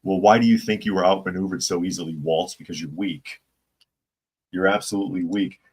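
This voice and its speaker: A man's voice: low voice, fairly even intonation, quick pace, darkish tone, slightly rough. A man hosting a casual live-stream commentary show, opinionated and rambling, reading viewer chat comments aloud. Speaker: political commentary channel host.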